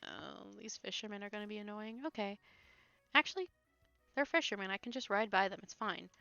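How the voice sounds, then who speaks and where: A chatty, giggly woman streamer talks through her game. Her voice is bright and a little sharp, very close and dry. The stream audio is slightly dull, with faint music behind her. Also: mid-range voice, fairly quick, creaky, no room sound. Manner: chatty, giggly, talks to chat between asides. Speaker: streamer playing a video game. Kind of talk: casual let's-play commentary.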